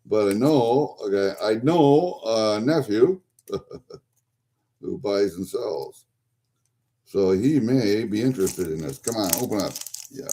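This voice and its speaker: This unboxing vlogger has a warm, low voice with a breathy edge, and he is animated even while speaking slowly with frequent pauses. He rambles and mutters casually to himself while tearing into packages.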